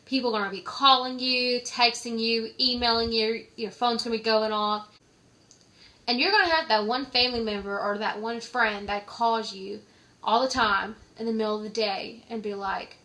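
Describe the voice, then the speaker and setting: Young woman vlogger, higher-pitched, chatty, full of filler "likes"; casual advice tone. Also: bright, forceful tone.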